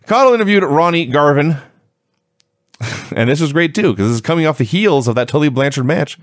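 Male podcast co-host: relaxed recapper, mid-pitched, laughs often, dry close sound. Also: fairly quick, pauses often, dry recording. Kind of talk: casual review chat.

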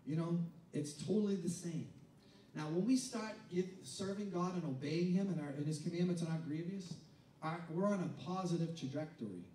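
A high-pitched male pastor preaching in a conversational style, who plays out the voices of reluctant churchgoers before building to loud, emphatic peaks. He sounds far from the mic in a reverberant room, with a faint hum of ambience behind him. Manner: conversational preaching, acting out doubters' voices, building to shouted climaxes. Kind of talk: sermon. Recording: echoey room picked up from a distance, faint ambience.

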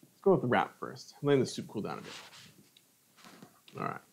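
A man's voice: mid-range voice, wildly swooping pitch, a little fast, creaky, slightly rough. A middle-aged man hosting a live cooking stream, chatting casually and savoring each bite of food between remarks. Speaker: cooking channel host.

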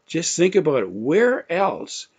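A man's voice: fairly high pitch, wildly swooping pitch, slow, a little mellow, breathy edge. A man teaching a Bible lesson in sermon style, emphatic and repeating key phrases, quoting scripture with dramatic force. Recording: dull lo-fi recording.

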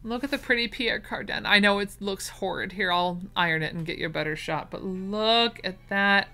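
A chatty woman, unboxing and gushing over her finds in a casual vlog. Her voice is bright and forward, smooth and clear, at a middling pitch. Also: moderate pace. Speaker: vintage sewing pattern vlogger.

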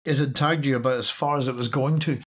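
A man voicing a gruff male soldier who talks in blunt grunts, in his everyday reading voice. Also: mid-range voice, steady tone, fast, a bit bright, lightly acted. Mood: relieved.

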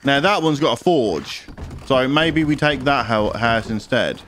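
A young man with a British accent giving rowdy, excitable let's-play commentary in a mock-outraged manner. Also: mid-range voice, unhurried, a little hiss or hum. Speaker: gaming youtuber. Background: game music.

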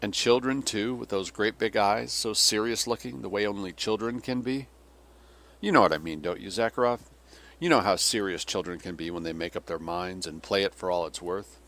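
A man's voice: fairly low pitch, expressive, moderate pace, fairly bright tone, voice pushed up. A man reading as a cynical old Russian general. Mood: sardonic. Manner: sardonic, bitter tirades. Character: weary cynical older male Russian general.

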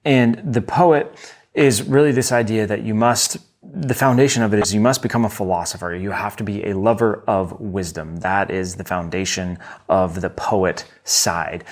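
Low-voiced man rambling through a book review. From United States. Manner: enthusiastic, rambling, many fillers and restarts. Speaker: podcast host reviewing a book. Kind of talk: casual solo book review.

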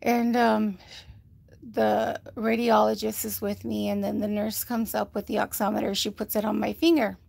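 A woman's voice: medium pitch, flat delivery, normal speed, vocal fry, a little mellow, dry recording. A woman giving a rambling, casual health update to livestream viewers, often quoting others and using many fillers, a little short of breath. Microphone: phone.

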